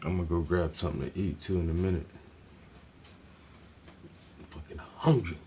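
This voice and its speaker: A man chatting casually on a livestream, relaxed and slangy, talking while he paints. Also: low-pitched, normal speed, slight background noise. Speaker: streamer.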